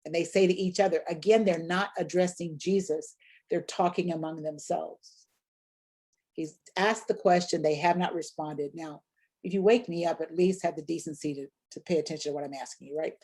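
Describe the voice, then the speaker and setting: Woman workshop leader, warm and low, reflective teaching with rhetorical questions. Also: steady tone, moderate pace, husky. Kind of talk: teaching on sermon delivery.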